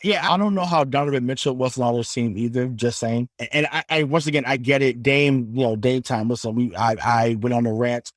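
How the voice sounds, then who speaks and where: A man co-hosting a casual sports podcast, animated and profane, climbing into loud rants. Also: medium pitch, brisk, hardly any pauses, no echo, studio quality. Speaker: podcast co-host.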